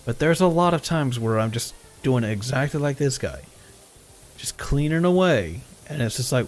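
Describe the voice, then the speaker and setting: Lively, animated man telling a story. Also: mid-range voice, moderate pace. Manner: animated retelling with quoted dialogue, swearing, chuckles. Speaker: live streamer. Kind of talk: casual storytelling while gaming.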